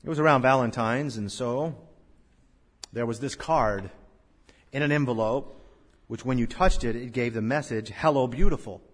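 A male pastor preaching a sermon, swelling to loud, drawn-out scripture recitations and dropping to hushed lows. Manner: slow, drawn-out recitation of King James verses. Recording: long church-hall reverb.

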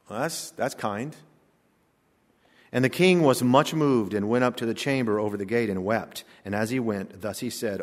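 An older man preaching a sermon, his voice rising and falling widely as he moves from hushed asides to loud, emphatic declarations. His voice trails off in a large church hall with a long reverb. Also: mid-range voice, animated, moderate pace. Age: 60s. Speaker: pastor.

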